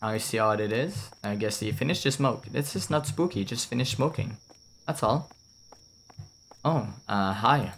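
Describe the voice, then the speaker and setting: A man's voice: mid-range voice, expressive, unhurried, a bit bright, slight background noise. A young man streaming a horror game with casual, jokey, rambling commentary, swearing and laughing often.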